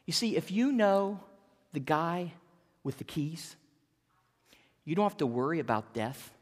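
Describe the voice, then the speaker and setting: A pastor in their fifties preaching a sermon in an earnest, animated way, often repeating words. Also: mid-range voice, a little slow, big-room sound. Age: 50s.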